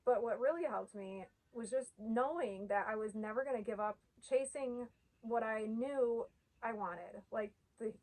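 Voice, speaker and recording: Earnest woman vlogger, slightly high voice. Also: a little mellow, low-quality recording. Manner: earnest, heartfelt, uses "like" often. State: tearful. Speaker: vlogger sharing her denture journey. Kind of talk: emotional casual talk to camera.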